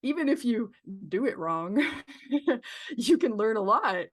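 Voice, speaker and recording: A woman's voice, a little high and sing-song, moves at a slow pace. She's a therapist from San Diego guesting on a podcast, chatting reflectively about creativity with many fillers and restarts.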